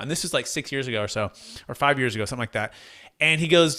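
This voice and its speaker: A man's voice: medium pitch, very fast, clean tone. A man being interviewed as an advisor, telling a story in a conversational way and acting out the dialogue. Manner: animated, acts out quoted dialogue; conversational, frequent fillers and restarts. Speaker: guest, tax deferral advisor.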